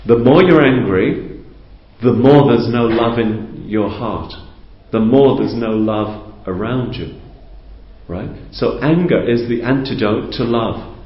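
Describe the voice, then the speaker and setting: A man giving a calm, conversational teaching talk to a group, explaining patiently and asking rhetorical questions. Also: medium pitch, takes it slowly. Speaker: spiritual teacher. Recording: roomy, dull lo-fi recording.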